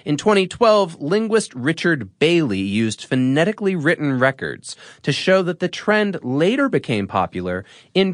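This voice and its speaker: A man from the Boston area hosting an explainer podcast, reading a script with lively, playful asides. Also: mid-range voice, dry recording, studio quality. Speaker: podcast host.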